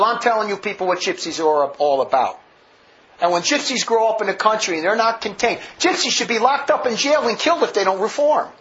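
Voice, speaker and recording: A man's voice: sits high, a bit bright. A man preaching a sermon full of stories, vehement and rambling, with many restarts, on a dull lo-fi recording.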